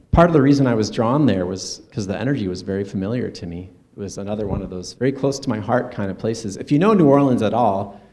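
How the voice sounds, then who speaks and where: A man speaking earnestly at a conference, in a conversational presentation with soft asides. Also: lowish voice. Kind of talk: personal stage presentation. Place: conference stage.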